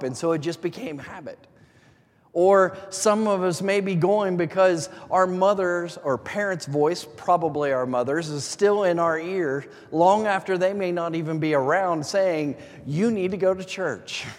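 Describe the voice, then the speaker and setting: A man preaching a sermon as a pastor, talking in a conversational way, asking many questions with light chuckles. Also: sits high. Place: church sanctuary. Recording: long reverb of a large hall.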